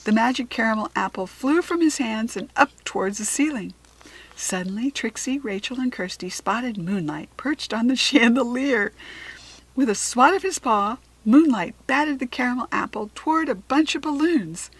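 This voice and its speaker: A woman reading a children's storybook aloud, slow, clear and expressive. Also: fairly high pitch, low-quality recording. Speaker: storybook reader.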